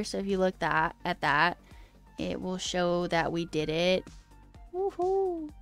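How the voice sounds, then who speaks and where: A woman streaming as a coding host, chatting casually and rambling with self-deprecating asides while her pitch jumps up mid-sentence. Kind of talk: casual live-stream chat.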